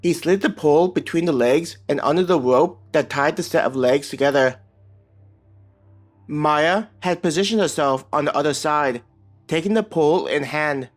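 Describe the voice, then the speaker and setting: A man's voice: fairly high pitch, normal speed. Man narrating a web novel over music. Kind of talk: scripted audiobook narration. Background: soft background music.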